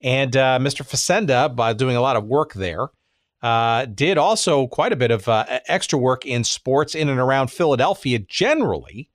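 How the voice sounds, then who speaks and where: A man's voice: mid-range voice, animated, moderate pace, no echo. Chatty male podcast host, dry sound. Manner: chatty, hesitant, many fillers. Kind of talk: casual podcast introduction.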